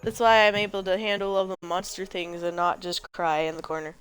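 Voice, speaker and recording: A woman's voice: fairly low pitch, little pitch movement, brisk, smooth, faint music behind, low-quality recording. A woman giving let's play commentary as a gaming host, chatty and jokey and rambling as she plays.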